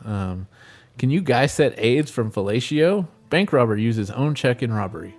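A man's voice: mid-range voice, lively intonation, darkish tone. A man with an ordinary mid-range voice chats casually, teasing his co-hosts and explaining things. Faint music sits under his voice. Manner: teasing, quick to laugh, gives game advice. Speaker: podcast co-host. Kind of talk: casual chat.

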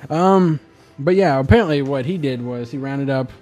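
Mellow-voiced man rambling through a story. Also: mid-range voice, moderate pace, soft background music. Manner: rambling, filler-heavy storytelling. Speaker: podcast host. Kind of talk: casual podcast chat.

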